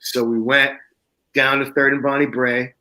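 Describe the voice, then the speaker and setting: A man's voice: medium pitch, flat delivery, moderate pace, bright, forceful tone, rough recording. A man telling a raw personal story on a casual talk show, swearing often, laughing, and acting out the other people in it. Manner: profane, laughing, acts out quoted voices. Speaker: guest author.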